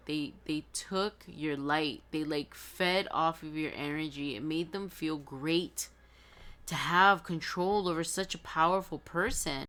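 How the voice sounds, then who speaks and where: A woman's voice: deep voice, a bit bright. A woman giving an intuitive tarot reading to her viewers in a chatty, emphatic and encouraging way, often restarting her sentences. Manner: earnest and encouraging. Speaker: tarot reader.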